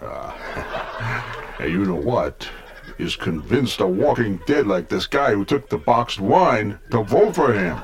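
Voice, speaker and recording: A man's voice: on the low side, a little hiss or hum, exaggerated voice. A man playing a brash Brooklyn lounge comic, insulting the crowd in a club routine. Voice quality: gravelly, insult-joking. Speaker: stand-up comic.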